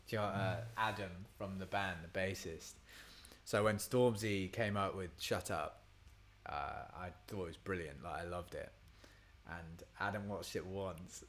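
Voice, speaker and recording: A man's voice: low-pitched, normal speed, fairly bright tone. A man talking casually while writing a song, thinking aloud, trailing off and trying lines under his breath. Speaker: singer-songwriter streaming a songwriting session.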